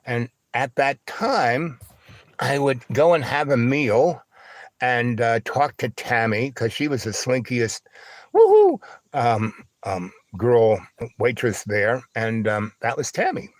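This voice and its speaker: A man's voice: slow, no room sound. Man, livestream host, rambling story, lots of fillers, dry close sound. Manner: acts out other voices with big high squeals. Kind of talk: rambling anecdote.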